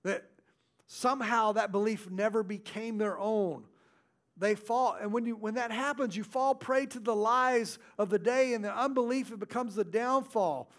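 High-voiced preacher man, swelling and hushing. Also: normal speed. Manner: swings between loud stresses and hushed asides. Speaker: pastor. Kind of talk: sermon.

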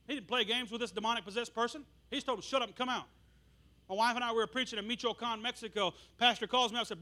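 A man preaching a sermon, telling stories with animated bursts of shouting. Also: extremely high pitch, fast talker.

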